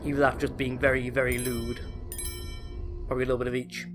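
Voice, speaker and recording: A man chats his way through a stealth game, eager and rambling, often correcting himself mid-sentence. His pitch sits in an ordinary middle range. Faint music plays quietly underneath. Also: monotone, fast. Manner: chatty, enthusiastic, self-correcting. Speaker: let's play host. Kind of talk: casual gameplay commentary.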